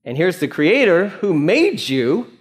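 A male pastor preaching a sermon in an animated, conversational way, with frequent fillers. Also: sits high, measured pace.

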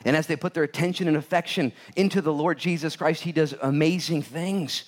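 His voice is on the high side and a little fast as he preaches a sermon. The pastor tells animated stories with acted-out voices and plenty of jokes, laughing at his own lines.

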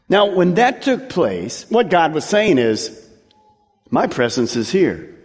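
A man's voice: a little high, very animated, slow pace. A man preaching a sermon as pastor, emphatic and drawing out key words for weight. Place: church sanctuary. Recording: long hall reverb from a church.

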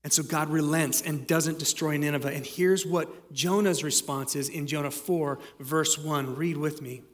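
Slightly high-voiced man preaching in a hall. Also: steady tone, moderate pace, hardly any pauses. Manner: conversational preaching with dramatic readings. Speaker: pastor. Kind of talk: sermon.

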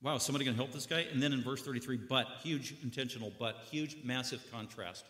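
A man preaching a sermon, telling the story dramatically with sudden loud bursts and hushed drops. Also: medium pitch, fast talker, roomy sound, long reverb tail.

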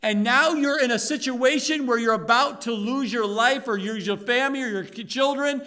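A man preaching a sermon in an animated, emphatic way, full of rhetorical questions. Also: very high-pitched, moderate pace.

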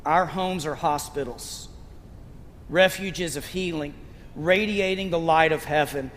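Male pastor, slightly high voice, relaxed storytelling sermon in a reverberant church hall with faint background noise. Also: measured pace. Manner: conversational storytelling preaching.

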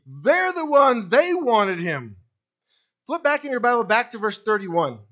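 A man delivering a sermon as pastor, his voice sitting high for a man. He swings from loud, emphatic lines down to quiet, low ones. The recording is dull and lo-fi. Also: big pitch swings, a little slow.

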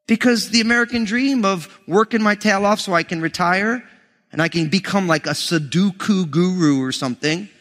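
A man's voice: high-pitched, fairly bright tone. A man in his thirties preaching a sermon as a pastor, emphatic and joking with the congregation. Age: 30s. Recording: long hall reverb.

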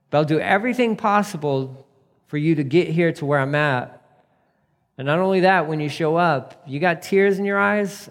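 A man preaches in a relaxed, conversational way, building to emphatic points and then dropping to a soft hush. His voice sits a touch high for a man and rings out in a hall with a long reverb. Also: normal speed. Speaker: pastor. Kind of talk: sermon.

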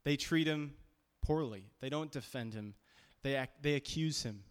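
In a hall with long reverb, a male pastor preaches a sermon in a mid-range, clean-toned voice at a moderate pace. His delivery is conversational and emphatic, with frequent restarts.

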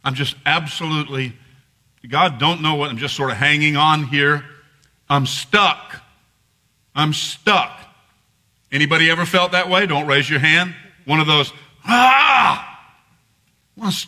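A man's voice: fairly high pitch, pushed and bright. A man preaching a sermon to his church, talking conversationally and building to emphatic passages. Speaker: pastor. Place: church sanctuary.

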